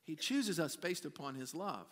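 A man's voice: fairly high pitch, expressive, normal speed. A man pastor preaching a sermon in a church sanctuary, talking conversationally with repeated words and asides to the congregation. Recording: reverberant church hall.

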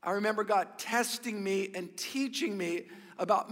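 A high, bright male voice preaching in an energetic, joking way, often repeating words as he restarts. His sermon rings with a long reverb through a large church hall. He addresses the congregation directly. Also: moderate pace. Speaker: pastor.

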